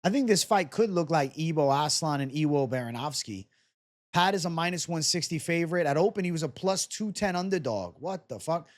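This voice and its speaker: A young man casually breaking down fight predictions and betting odds on his own show, joking and swearing as he goes. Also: fairly high pitch. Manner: casual, fast-talking, swears and jokes. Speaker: MMA betting analyst.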